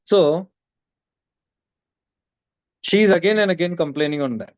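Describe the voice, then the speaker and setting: A man's voice: on the high side, unhurried, no echo. A man giving a casual spiritual talk, telling stories and acting out the people in them. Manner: storytelling, acting out quoted friends, mixing Hindi into English. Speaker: spiritual teacher. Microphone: streamed call audio.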